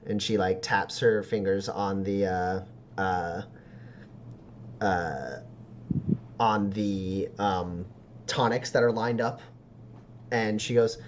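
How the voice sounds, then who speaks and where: A man narrating a tabletop game as game master, with halting descriptions full of fillers. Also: on the low side, lo-fi sound, slight background noise.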